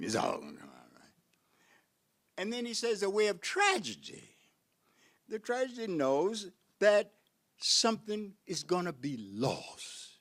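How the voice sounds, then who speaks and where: An older man, a professor, giving a reflective conference lecture full of rhetorical questions, halting now and then with fillers and restarts. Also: high voice, fairly bright tone. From United States.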